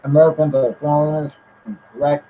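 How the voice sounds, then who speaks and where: Man, livestream host, slightly high voice, swears a lot, laughs, muffled lo-fi audio. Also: level tone, a little fast. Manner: loose, profane, laughing often. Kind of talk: casual live chat reading comments.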